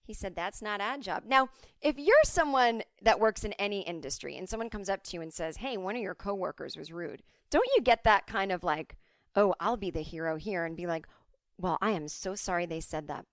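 A woman's voice: medium pitch, animated, no echo. Casual 40-ish woman just chatting on her podcast at home, lots of cussing and tangents, dead dry mic. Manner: chatty, swearing, quick asides. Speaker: podcast host. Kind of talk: casual solo chat.

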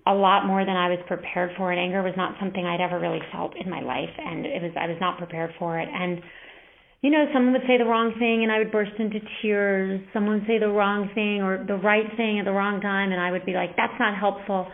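A woman giving an earnest, reflective interview answer, speaking in a measured way. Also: lowish voice. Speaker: interview guest. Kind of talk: candid interview talk. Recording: band-limited phone-like sound.

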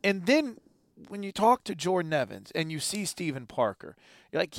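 A man's voice: high-pitched, big pitch swings, moderate pace, vocal fry, dry recording, studio quality. A man co-hosting a sports talk show in casual chat, rambling and enthusiastic, acting out the people he quotes.

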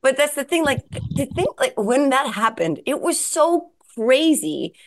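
A woman in her forties hosting an interview, chatty and animated, with lively asides. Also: high-pitched, measured pace. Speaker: podcast host. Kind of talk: casual conversational interviewing.

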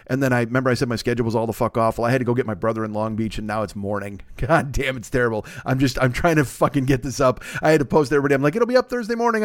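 A man's voice: mid-range voice, no echo, clean studio sound. A man in his forties hosting a comedy podcast, rambling alone into a microphone in a profane, self-deprecating way. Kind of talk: casual rambling monologue. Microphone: studio microphone.

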